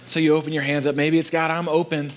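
A man's voice: fairly high pitch, level tone, fast talker. A man preaching as pastor in a church, earnest and conversational. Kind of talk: sermon. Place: church sanctuary.

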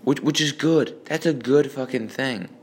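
A man's voice: mid-range voice, moderate pace, a little hiss or hum. A man alone with a phone voice memo, reading his old joke notes aloud, rambling, swearing and mocking himself. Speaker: amateur comedian.

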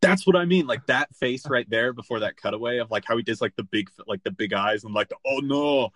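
A man's voice: mid-range voice, fast, no echo. Chatty man with a very dry voice. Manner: loose, animated, full of "like" and swearing. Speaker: podcast host. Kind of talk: casual chat recapping a film.

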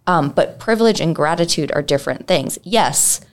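Low-voiced, earnest woman co-host. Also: lively intonation, moderate pace. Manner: earnest, reflective, many "like"s. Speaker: podcast co-host, mental health clinician. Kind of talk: casual chat.

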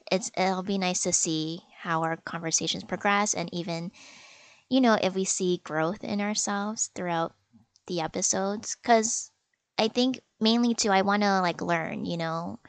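Young woman, high-pitched girlish voice, quick giggly chatter, close dry mic. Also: no echo. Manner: quick, giggly, self-conscious chat. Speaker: podcast co-host. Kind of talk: casual chat.

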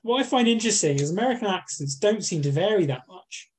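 Male co-host, slightly high voice, casual and sweary. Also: lively intonation, fast talker. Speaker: podcast co-host. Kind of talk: casual chat.

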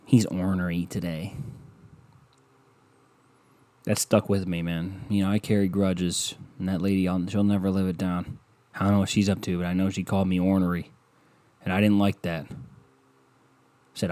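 Male podcast host, profane comic ranter, lowish, recorded dry. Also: no room sound. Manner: ranting, sarcastic, profane, with sudden loud bursts. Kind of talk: rambling comedic monologue.

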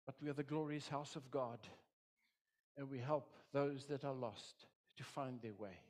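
A man's voice: medium pitch, fairly even intonation, measured pace, a little mellow. A middle-aged man preaching as a pastor, with an impassioned, repetitive delivery that swells and drops. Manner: impassioned, repetitive preaching with dramatic quoted voices. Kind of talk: sermon.

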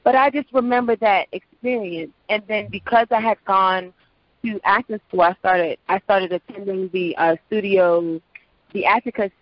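Low-voiced woman in her 30s chatting in an interview, dull dry audio. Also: normal speed, no room sound. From Prince George's County, Maryland, US. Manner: lively storyteller, acts out quoted voices. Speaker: actress and voice-over artist, guest. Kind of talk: casual interview talk.

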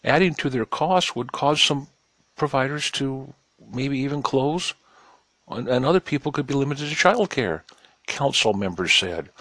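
A man with a medium-pitched, fairly bright voice, lively intonation and a breathy edge speaks at a moderate pace in a dry recording. In his cynical news commentary he reads reports aloud and mocks them, addressing listeners directly in a folksy manner.

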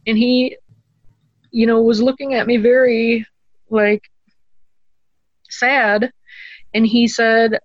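A woman earnestly telling a personal story as an interview guest, halting with ums and restarts. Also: on the high side, little pitch movement, dry recording, highs cut off. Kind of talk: conversational storytelling.

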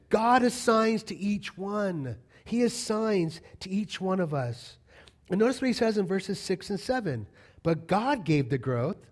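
A middle-aged man preaching a sermon as pastor, animated and storytelling, with emphatic repetition. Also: high-pitched.

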